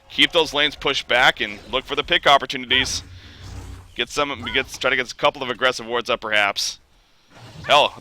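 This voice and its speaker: A young man casting an esports match, his voice worn hoarse from being under the weather, climbing into shouts when fights break out. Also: medium pitch, a little hiss or hum. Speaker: esports caster. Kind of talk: play-by-play esports commentary.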